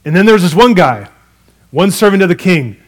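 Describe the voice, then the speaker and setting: A man preaching a sermon, retelling a parable in a conversational, animated way with casual asides. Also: high-pitched, normal speed. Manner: storytelling, animated retelling with acted quotes.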